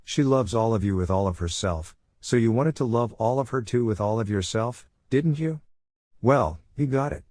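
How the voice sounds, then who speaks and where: A man narrating a first-person horror story in a measured, brooding way. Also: lowish voice, a little mellow, no echo, clean studio sound.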